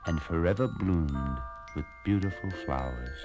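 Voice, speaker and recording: A man narrating children's fairy tales on a storybook record in an animated, expressive way. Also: very deep voice, measured pace, over music.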